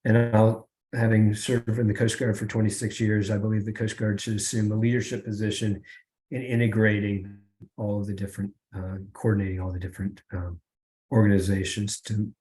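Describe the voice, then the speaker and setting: A middle-aged man giving a webinar presentation over a video call, pausing often with fillers and restarts. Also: lowish voice, a little mellow. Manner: halting, many fillers and restarts.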